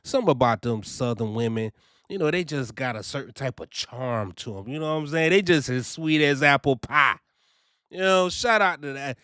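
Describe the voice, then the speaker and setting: A young man talks in a loose, animated vlog style, filling his speech with "you know" and "man." His voice is smooth and clear at a middling pitch. The recording is dry and close. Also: moderate pace, no room sound. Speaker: trucking vlogger. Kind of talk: casual first-person review.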